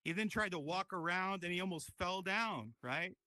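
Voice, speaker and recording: A high, bright-voiced man doing stand-up, full of energy as he swears and riffs with the crowd. His voice sits well above the usual male range and has a forceful, cutting edge. It is recorded close and dry. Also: normal speed, no room sound. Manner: profane, energetic crowd work. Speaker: stand-up comedian. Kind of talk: stand-up comedy. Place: virtual reality comedy club.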